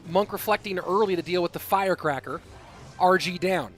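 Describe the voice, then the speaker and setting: A man casting a live esports match, with excitable play-by-play and rambling asides. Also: sits high, moderate pace, soft background music. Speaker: esports caster. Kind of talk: live game commentary.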